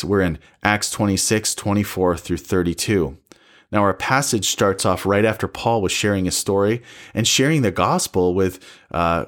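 A man giving a devotional Bible teaching, calm, earnest and measured as he reads and explains scripture. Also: fairly low pitch. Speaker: preacher.

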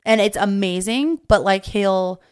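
A woman's voice: mid-range voice, measured pace, clean tone. Chatty young woman podcast guest. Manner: chatty, many "like" fillers. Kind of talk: casual chat.

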